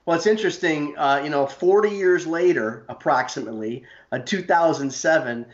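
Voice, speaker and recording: A man hosts a casual interview, friendly and chatty as he asks his questions. His voice sits a little high for a man. The recording sounds dull and muffled. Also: moderate pace. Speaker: host.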